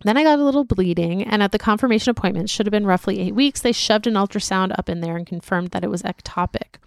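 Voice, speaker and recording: A woman's voice: medium pitch, fast, creaky, smooth, dry recording, studio quality. A woman co-hosting a casual podcast, reading listener emails aloud with chatty asides. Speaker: podcast co-host.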